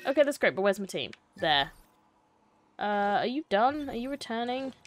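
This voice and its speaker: A woman's voice: fairly high pitch, very animated, normal speed, a little hiss or hum. A young woman streaming a game, chatting to herself and to the characters on screen. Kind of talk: casual gameplay commentary.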